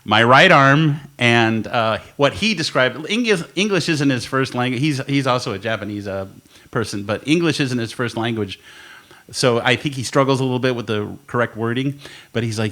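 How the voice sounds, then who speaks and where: Telling a long anecdote in a studio podcast, the male co-host keeps things casual, swearing and laughing throughout. His mid-range voice has a sharp edge, and his pace is moderate.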